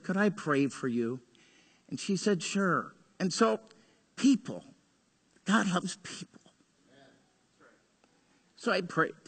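A male pastor preaching a sermon, telling stories earnestly, rising to urgency and dropping to hushed tones. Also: fairly high pitch. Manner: earnest storytelling, swings between urgent and hushed. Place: church sanctuary. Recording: long hall reverb.

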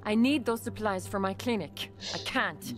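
A woman's voice: medium pitch, expressive, moderate pace, soft background music, natural voice. An actress playing a woman doctor who runs a clinic, anxious and earnest, with an accent. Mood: worried. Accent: foreign-sounding accent. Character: woman doctor running a clinic, worried and blackmailed.

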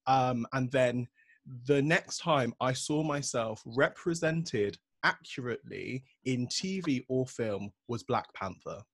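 A young man hosting a podcast, telling stories in a passionate, animated way during a casual discussion. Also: mid-range voice, takes it slowly, no echo. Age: young adult. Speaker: podcast host.

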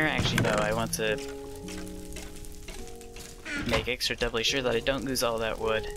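A young man at mid pitch chats his way through a game, muttering his plans aloud and poking fun at his own mistakes. Game music runs steadily underneath his voice. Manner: self-deprecating, thinking aloud while playing. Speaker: let's play host. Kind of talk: casual gameplay commentary.

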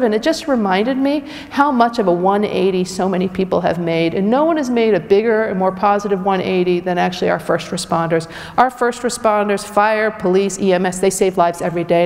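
A woman's voice: mid-range voice, brisk, hardly any pauses, darkish tone. A woman physician giving a direct, emphatic public health lecture to a community audience. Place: community event hall. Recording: long reverb of a hall.

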